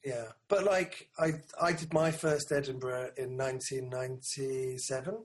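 Man, veteran comedian, relaxed chat, swears, mid pitch. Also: moderate pace. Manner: laid-back, swears. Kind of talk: casual chat.

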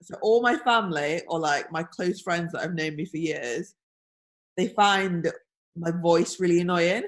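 A woman from Leeds whose accent shifts between Jamaican-influenced and posh English, chatting openly and lively as a radio guest. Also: fairly low pitch, a little slow. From Leeds, England. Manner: lively, open and self-mocking. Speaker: guest athlete. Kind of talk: casual chat.

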